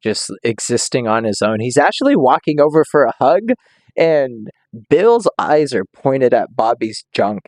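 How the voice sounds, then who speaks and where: A man's voice: mid-range voice, darkish tone, dry recording, studio quality. A young man giving casual, rambling reaction commentary, joking around and swearing freely. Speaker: reaction streamer.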